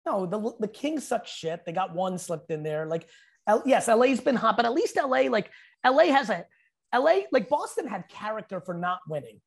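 A man hosting a casual chat, bluntly opinionated and quick with banter. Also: high-pitched, big pitch swings, creaky. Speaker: host.

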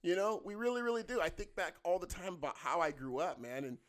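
Fifties guy telling stories, gets loud doing other people's lines, cusses a lot, kinda high voice. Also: quick pace. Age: 50s. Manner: animated, acts out quotes in a raised voice, swears freely. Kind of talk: casual storytelling chat.

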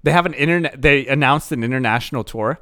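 A man co-hosting a casual podcast, chatting in a rambling, excitable way with lots of "like" fillers. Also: mid-range voice, quick pace, dry recording, clean studio sound. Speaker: podcast co-host. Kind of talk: casual chat.

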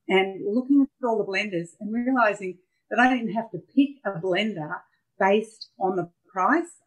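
A middle-aged Australian woman telling personal stories as a podcast guest, candid and animated as she acts out scenes. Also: medium pitch, rough recording. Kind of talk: personal storytelling in a podcast interview.

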